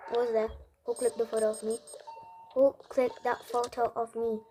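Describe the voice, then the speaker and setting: A young woman talking through a horror game as she plays, jumpy and panicky and quick to squeal at the scares. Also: a little high, little pitch movement, dark tone. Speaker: gamer playing a horror game. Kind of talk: live gameplay commentary. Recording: noisy home recording.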